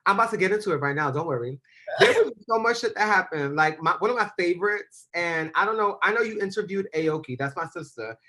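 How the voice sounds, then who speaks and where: A ballroom house leader telling stories in a casual interview, sassy and animated, swearing freely. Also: medium pitch, quick pace.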